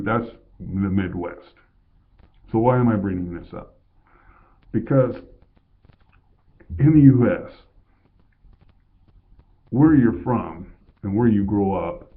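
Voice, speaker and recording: Deep-voiced older man, tinny recording. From Colorado, USA. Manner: rambling, conversational, with self-corrections. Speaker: vlogger. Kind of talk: casual monologue. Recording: tinny phone-like sound.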